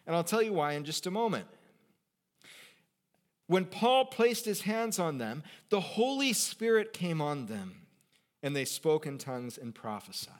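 A man preaching a sermon in a slightly high voice. He swings from loud, emphatic bursts to quiet, conversational asides. He jokes easily with his listeners. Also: sing-song, a little slow. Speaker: pastor.

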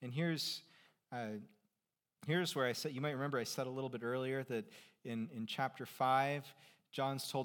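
Man, middle-aged, pastor, sermon, conversational, rhetorical questions, quiet to emphatic. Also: medium pitch, a little slow.

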